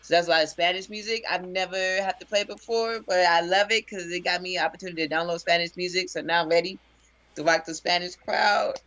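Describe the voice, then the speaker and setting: A woman from Texas, a DJ, answering interview questions casually and telling stories in a relaxed way. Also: lowish voice, fast, no room sound, highs cut off. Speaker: DJ and interview guest.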